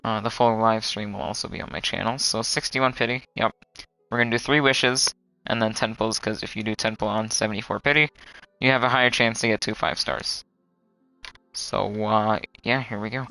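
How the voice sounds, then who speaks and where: Young man, game streamer, casual live commentary, bright clear voice, faint game music behind. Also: lowish voice, steady tone, moderate pace, dry recording, rough recording. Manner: chatty, groans and complains loudly at bad luck.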